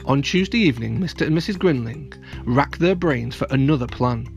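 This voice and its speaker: A man narrating a storybook for children, expressive and speaking straight to young listeners. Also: mid-range voice, brisk, vocal fry, soft background music. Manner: expressive, addresses children directly. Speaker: storyteller host.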